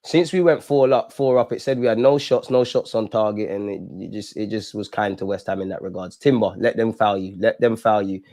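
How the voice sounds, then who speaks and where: A young man hosting a live football watch-along, animated and talking straight to the players and referee. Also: lowish voice, a little fast, few pauses, no echo, studio quality.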